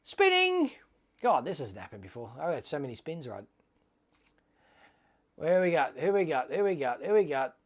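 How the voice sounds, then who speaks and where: A man's voice: on the high side, animated, normal speed, pauses often, darkish tone, slightly rough. A man hosting a casual livestream giveaway, talking to viewers in a chatty, upbeat way and calling them mate. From Australia. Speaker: livestream host.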